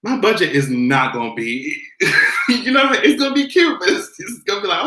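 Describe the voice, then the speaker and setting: A man's voice: high voice, very animated, moderate pace, sharp tone, reverberant. A man hosting a casual commentary vlog, sassy and profane, laughing often as he talks. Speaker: host.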